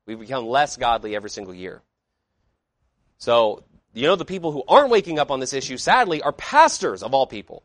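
Preaching emphatically to his congregation, a pastor poses rhetorical questions and shifts from loud declarations to quiet asides. His mid-range voice shows big pitch swings, and he talks a little fast. The recording is dry.

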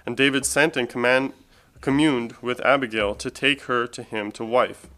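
A man reads scripture aloud before the sermon. His voice is bright and forward, and his delivery is steady and measured. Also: mid-range voice. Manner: steady, measured reading of old-style scripture. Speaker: scripture reader.

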